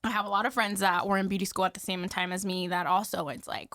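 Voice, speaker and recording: Woman, hairstylist guest, casual chat, laughs a lot, lots of "like", mid pitch, dry close sound. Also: little pitch movement, fast talker, a bit bright, no room sound. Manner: chatty, laughs often, fillers of "like". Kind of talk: casual podcast conversation.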